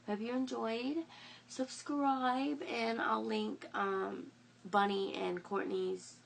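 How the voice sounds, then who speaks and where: A woman's voice: medium pitch, creaky, slight background noise. A young woman rambling through a late-night vlog at home, sick and sniffling, with lots of fillers and restarts. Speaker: vlogger.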